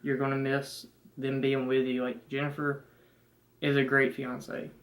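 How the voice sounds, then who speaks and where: A man's voice: medium pitch, completely flat delivery, measured pace, fairly bright tone, low-quality recording. A young man with a thick Southern country accent, talking earnestly in a rambling way full of fillers. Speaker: fiancé, guest. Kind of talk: casual chat.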